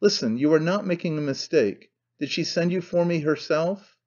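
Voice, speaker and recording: A man's voice: on the high side, normal speed, a little mellow, highs cut off, lightly acted. A man voicing a commanding middle-aged midwife who asks clipped, peremptory questions.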